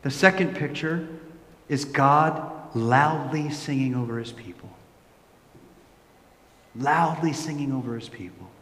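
A middle-aged man delivers a sermon from the pulpit, acting out the voices in his stories. He drops to a quiet, hushed tone when he turns reflective. His voice rings through a large hall with a long, roomy reverb. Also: medium pitch, a little slow, pauses often. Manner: animated storytelling, acting out quoted voices. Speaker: pastor.

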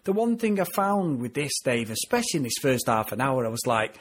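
A man chats his way through a TV review with a husky, slightly rough voice. He talks animatedly and laughs often, sitting at an average pitch for a man. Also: sing-song, brisk, few pauses. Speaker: podcast co-host, TV reviewer. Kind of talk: casual review chat.

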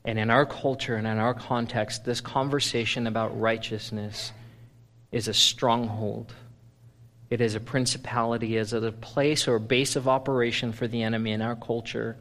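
A male pastor preaching a sermon, animated, swinging from loud playful bursts to low, intense stretches. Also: normal speed, long reverb tail. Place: church sanctuary.

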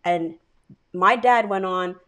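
A woman's voice: fairly low pitch, slow pace, a bit bright. A woman co-hosting a podcast, telling a story casually with swearing and feeling. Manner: profane, heartfelt storytelling. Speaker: podcast co-host. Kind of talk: casual chat.

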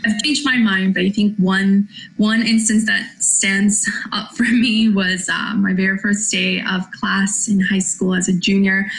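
A woman telling a personal story in a relaxed way. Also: medium pitch, a little slow, vocal fry, low-quality recording.

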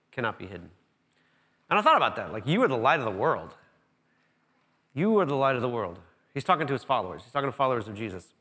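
A man's voice: a little high, fairly bright tone. A man preaching a conversational sermon as pastor, with frequent fillers and restarts.

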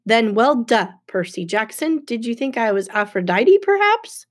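A woman's voice: a little high, very animated, moderate pace. A woman voicing a middle-aged male wine god who is whiny, bored and condescending. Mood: petulant.

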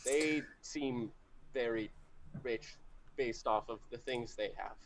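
A man playing in a tabletop game, speaking in character with an expressive, theatrical delivery. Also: medium pitch, slow pace, slight background noise. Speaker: player. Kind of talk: in-character tabletop role-play.

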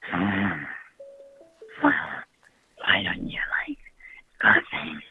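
A woman's voice: a bass voice, huge pitch swings, very slow, husky, dry recording, full character voice. A woman playing a creepy, provoking prank caller who swears and argues with the host over the phone. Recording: tinny phone line.

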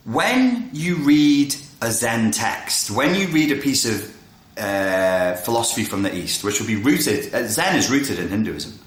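A man excitedly explaining a philosophy idea in casual video talk, often cutting himself off to reel himself back in. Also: mid-range voice, unhurried. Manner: excitable, self-interrupting, jumps between tangents. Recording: roomy echo.

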